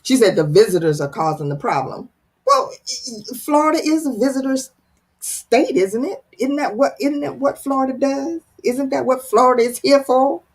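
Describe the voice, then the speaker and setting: A woman's voice: high-pitched, normal speed, slightly rough. A woman hosting a casual livestream, reading out viewer comments with a playful, teasing, dramatic manner. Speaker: live stream host reading viewer comments. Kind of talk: casual chat.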